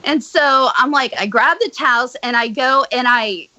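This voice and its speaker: A woman guest on a podcast, casually telling a true story with blunt, profane, animated delivery. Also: sits high, normal speed, no echo, low-quality recording. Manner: blunt, swears freely, animated retelling.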